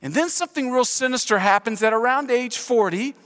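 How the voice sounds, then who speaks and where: A middle-aged male pastor preaching in a large church sanctuary, his voice sitting notably high and ringing bright. He moves between hushed prayer and animated, expressive storytelling. The sound carries a long hall reverb. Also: brisk. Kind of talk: sermon.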